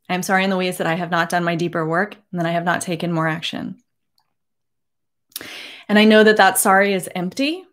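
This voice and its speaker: A woman in her forties speaking earnestly to camera from her home, emotional and holding back tears, with many halting restarts. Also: lowish voice. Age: 40s. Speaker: beauty vlogger. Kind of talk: personal address to camera.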